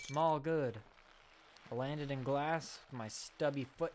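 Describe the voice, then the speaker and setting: Guy doing a lets play, mid pitch, jokey, yells at the game, faint hiss behind. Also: expressive, normal speed. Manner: jokey, talks to the game, sudden exclamations. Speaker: let's play gamer. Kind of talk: casual gameplay commentary.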